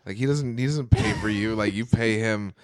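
A man's voice: on the low side, normal speed, dry recording, studio quality. A young man co-hosting a podcast, riffing through crude comedy bits and acting out characters in his stories. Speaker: podcast co-host. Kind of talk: casual crude comedy banter.

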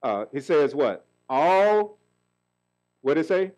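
A man's voice: a little high, big pitch swings, takes it slowly, pauses often, a little mellow, highs cut off. A middle-aged man preaching a sermon as pastor, calling out questions for the congregation to answer. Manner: call-and-response preaching, asks the congregation questions.

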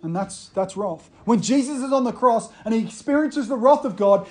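An earnest preacher with a mid-range voice works through a sermon point by point. The delivery is explanatory and steady, and quoted passages are read aloud within the talk. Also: mid-range voice, moderate pace, hardly any pauses.

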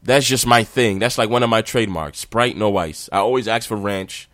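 A man hosting a podcast, ranting in a casual, animated, slangy way. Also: on the low side, moderate pace, no echo, clean studio sound. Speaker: podcast host.

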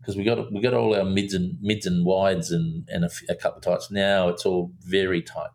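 Gravelly low-voiced man telling a story. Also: normal speed. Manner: animated storyteller, acts out quotes, many restarts. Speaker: film director. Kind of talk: casual interview storytelling.

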